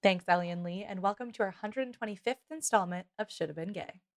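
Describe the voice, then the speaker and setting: A woman's voice: mid-range voice, brisk. A woman co-hosting a podcast, chatty and enthusiastic, laughing often in casual chat. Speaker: podcast co-host.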